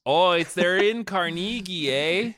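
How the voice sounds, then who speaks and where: A man's voice: high-pitched, lively intonation, unhurried, a bit bright, voice pushed up. A man voicing a folksy Canadian movie hero in an exaggerated mock Canadian accent, hammy and drawling.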